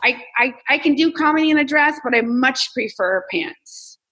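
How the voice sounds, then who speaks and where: Interview guest: Texan woman stand-up comic and coach, frank and lively. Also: sits high, moderate pace, rough recording. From Texas, US South. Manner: candid, animated, acts out quoted self-talk. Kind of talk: casual interview conversation.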